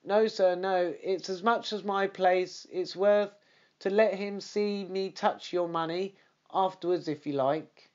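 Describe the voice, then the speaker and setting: A man's voice: sits high, fairly even intonation, measured pace, highs cut off, voice pushed up. A man reading an audiobook, voicing a wary, deferential male stable groom. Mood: guarded.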